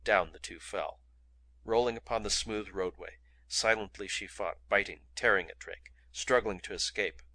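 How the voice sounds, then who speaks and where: Man, audiobook narration, bright edge, slightly low pitch. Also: moderate pace. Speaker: audiobook reader.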